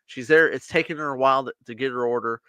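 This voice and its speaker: This American podcast co-host talks fast in a smooth, mid-range voice, telling a story casually and playing out each person he quotes with animation. No room sound is present.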